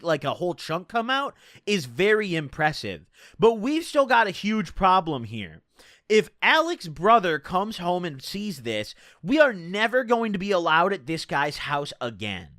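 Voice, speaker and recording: A young man in his twenties spins a rambling, profane tale in a high, bouncy voice that swoops up and down. His tone is bright and sharp, and the sound is dry and close. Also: no echo. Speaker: streamer. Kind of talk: casual storytelling.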